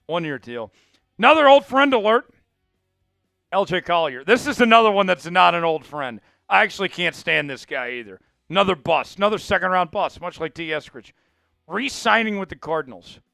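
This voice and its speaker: A man's voice: sits high, vocal fry, sharp tone, no room sound, clean studio sound. A man hosting a live sports news stream, blunt and opinionated, rattling off news items while worn out after hours of live coverage. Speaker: sports show host.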